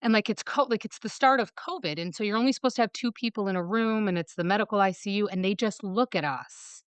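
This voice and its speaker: A woman's voice: medium pitch, clean tone, no echo. A woman from Michigan, a podcast guest, telling a personal story and quoting others as she goes, with lots of "like.". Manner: fast retelling, quoting others with "like".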